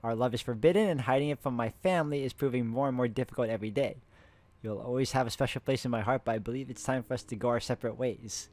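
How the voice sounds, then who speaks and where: A man of middle pitch plays through a puzzle game with a friend. He reads in-game letters aloud in a plain, even voice. Between passages he breaks off to chat and laugh with her. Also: fast, dry recording. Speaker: host, playing a co-op puzzle game. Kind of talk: casual game commentary, reading in-game letters aloud.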